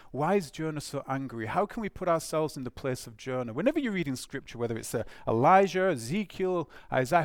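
A man preaching a sermon, animated and emphatic, with rhetorical questions and restarts. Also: on the high side, no echo, studio quality.

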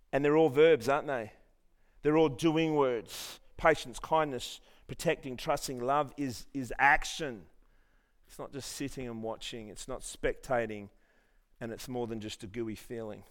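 A male pastor preaching a sermon in short, emphatic phrases, with frequent restarts and humorous asides. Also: mid-range voice.

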